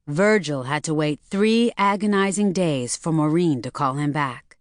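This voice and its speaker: A woman reads a novel aloud in a steady, measured manner, her voice low for a woman. The recording is close and dry with no room sound. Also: no echo. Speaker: audiobook narrator. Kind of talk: scripted narration.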